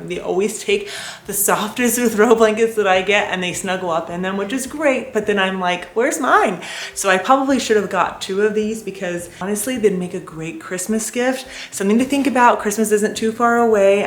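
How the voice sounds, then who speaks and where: A mid-pitched woman vlogger in her thirties chats casually and enthusiastically about home decor, piling on "beautiful" and gentle fillers. She sounds relaxed and gushing as she moves around her home. A faint background noise sits under the voice. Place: at home, porch and indoors.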